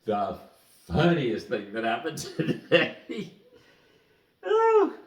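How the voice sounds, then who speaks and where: A man telling a story to the camera in a casual, animated way, chuckling as he goes. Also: mid-range voice, drawn-out words. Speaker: vlogger. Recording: echoey room, mic at a distance.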